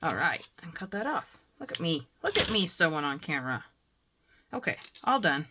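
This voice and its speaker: Woman, crafting vlog, chatty, talks to herself as she works, lively swooping voice, faint background hiss. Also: deep voice, normal speed. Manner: chatty, talks to herself while working, bursts of excitement. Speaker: crafting vlogger. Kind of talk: casual craft tutorial chat.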